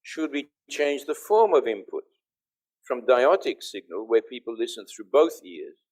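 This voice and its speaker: A man's voice: mid-range voice, big pitch swings, measured pace, a little mellow. An older man, a professor, giving an online conference lecture and explaining step by step while checking that listeners can hear him.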